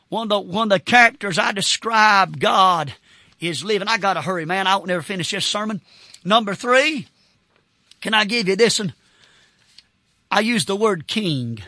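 A man preaching with fervor, breaking into shouts and whoops between his points. His voice sits high and sounds bright and tense. The sound is dry and close, with no room around it. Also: lively intonation, normal speed, long pauses, no echo. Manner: fervent, shouting bursts and whoops. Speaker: Baptist pastor. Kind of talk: sermon.

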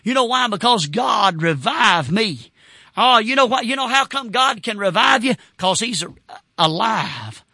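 A man preaching with fervor, breaking into shouts and whoops between his points. His voice sits high and sounds bright and tense. The sound is dry and close, with no room around it. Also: expressive, measured pace, creaky, dry recording. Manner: fervent, shouting bursts and whoops. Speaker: Baptist pastor. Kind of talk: sermon.

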